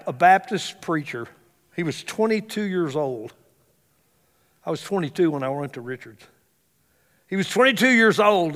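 A male pastor preaching a sermon in a church, swinging between loud exclamations and hushed asides. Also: on the high side. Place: church sanctuary. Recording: reverberant church hall.

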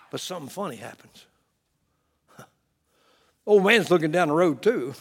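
High-voiced preacher in an echoing church. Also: male voice, animated, moderate pace, long pauses. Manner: dramatic swings from loud to hushed, chuckling asides. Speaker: pastor. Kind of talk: sermon storytelling.

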